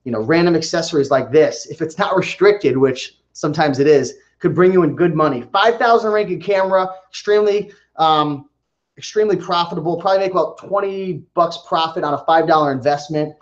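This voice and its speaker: Animated man in a roomy lo-fi vlog. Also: on the high side, brisk. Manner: animated storytelling, talks straight to viewers. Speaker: reseller vlogger. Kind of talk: casual vlog showing finds.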